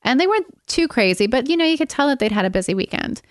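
A woman's voice: high voice, animated, fast, no echo, clean studio sound. A woman co-hosting a podcast, telling a rambling story in casual chat and laughing often along the way. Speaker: podcast co-host.

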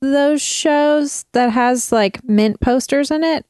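A woman's voice: high voice, slow pace, a little mellow, no room sound, clean studio sound. A woman co-hosting a podcast, chatting with jokes and rambling asides into a desk mic. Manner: joking, rambling. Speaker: podcast co-host. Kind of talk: casual podcast chat.

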